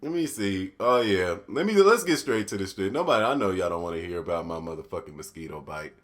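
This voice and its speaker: Animated, laughing podcast host man. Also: sits low, fast talker. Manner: profane, laughing, animated storytelling. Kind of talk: casual storytelling monologue.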